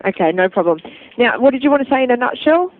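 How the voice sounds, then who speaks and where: A woman's voice: a little high, very animated. Australian woman on a tinny phone line. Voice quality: polite, friendly, brisk. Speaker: radio station call screener.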